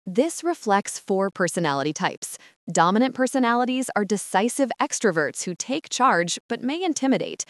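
A woman's voice: medium pitch, sing-song, normal speed, no room sound, studio quality. A woman giving polished, emphatic scripted narration as an explainer.

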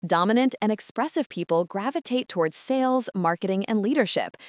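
A woman's voice: mid-range voice, lively intonation, fairly quick, no room sound, clean studio sound. A woman giving polished, emphatic scripted narration as an explainer.

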